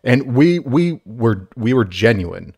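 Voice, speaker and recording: A man's voice: medium pitch, very animated, takes it slowly, vocal fry, a little mellow, slightly rough, no room sound, clean studio sound. A slightly tipsy man co-hosting a casual drinking podcast, rambling through stories full of fillers. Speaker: podcast co-host.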